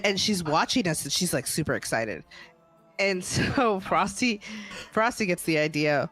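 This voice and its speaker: A man's voice: high voice, sing-song, normal speed, fairly bright tone, faint music behind. A man recounting a story in casual chat with friends on a stream.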